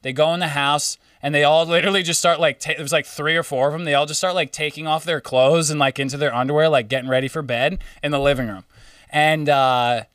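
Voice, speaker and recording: A young man, a podcast co-host telling a story in casual chat, rambling and animated with many restarts. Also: fairly high pitch, fast talker, smooth, no echo, clean studio sound, recorded from a distance.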